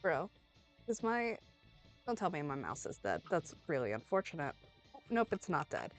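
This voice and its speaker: A young woman streams a game under the weather, rambling in a playful, casual way. Her pitch swings widely, jumping to sudden loud bursts. Soft music plays faintly behind her. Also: sing-song, normal speed.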